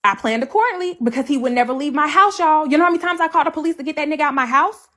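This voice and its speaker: Rapid-fire and forceful, this woman's high, bright voice fills her livestream as she explains her side of a breakup. She's blunt, swears freely and keeps hammering the same points.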